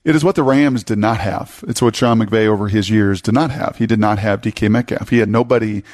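A man's voice: lowish voice, a little fast, darkish tone. A middle-aged man co-hosting sports talk, making emphatic points and repeating words as he builds them. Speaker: sports radio co-host. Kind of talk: casual chat.

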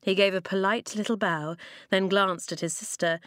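A woman narrating a children's storybook in a measured way, slowing down for emphasis, on a close microphone. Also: medium pitch, steady tone, fairly bright tone, no echo. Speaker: audiobook narrator.

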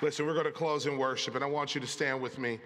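A man preaching a sermon as pastor, moving from calm teaching to rousing, shouted fervor. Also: mid-range voice, fast talker, over a noisy crowd, very noisy. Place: large church sanctuary. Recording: long church hall reverb.

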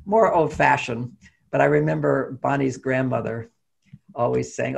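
An older man talking about relationships as an interview guest, animated and acting out little quoted conversations. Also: medium pitch, measured pace, creaky. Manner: animated, acts out quoted dialogue. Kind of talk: casual interview talk.

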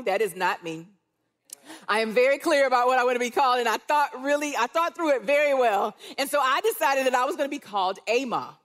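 A woman grandmother giving a sermon to a live church audience. Her voice sits a little high, and she brings her stories alive by acting out what family members said. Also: brisk. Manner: warm storytelling, animated quoting of others. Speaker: guest speaker, church care director.

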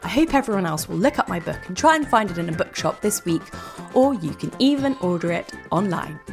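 A woman hosting a children's podcast, reading a scripted narration in a bright, enthusiastic storytelling way. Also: on the low side, lively intonation, brisk, music in the background. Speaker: host.

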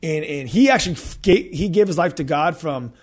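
A man's voice: fairly high pitch, expressive, brisk. A middle-aged man, hosting a casual faith chat, talking emphatically with surfer slang. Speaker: podcast host.

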